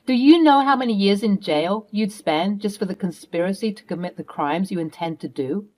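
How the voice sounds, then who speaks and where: A woman's voice: medium pitch, lively intonation, moderate pace, darkish tone, natural voice. This is a fierce, protective mother, played by a woman, cutting and commanding. Her lines come out firm and hard-edged, with no room for argument. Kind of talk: storytime role-play.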